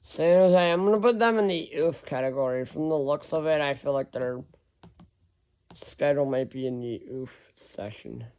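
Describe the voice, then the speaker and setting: A man with a fairly high voice thinks aloud in a loose, rambling way, reeling off lists and stopping now and then to correct himself. It sounds like a casual, unscripted chat to viewers. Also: moderate pace, a little mellow, clear, resonant tone. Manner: rambling, self-correcting, reading off lists of teams. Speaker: hockey vlogger.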